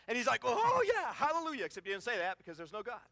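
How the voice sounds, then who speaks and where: In a conference hall, a middle-aged man delivers an impassioned sermon in a high-pitched, very fast voice on a dry recording. He's an animated storyteller, acting out the cries in his stories.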